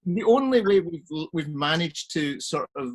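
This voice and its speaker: A man, a crime writer, chatting on an online panel as an animated, laughing storyteller. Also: fairly high pitch, measured pace. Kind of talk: casual online panel chat. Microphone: video call.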